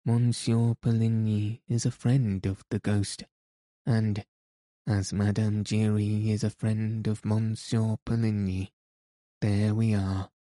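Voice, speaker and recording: A man voicing a blunt, stern male opera manager who speaks roughly and accuses. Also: fairly low pitch, flat delivery, takes it slowly, dark tone, no room sound, clean studio sound.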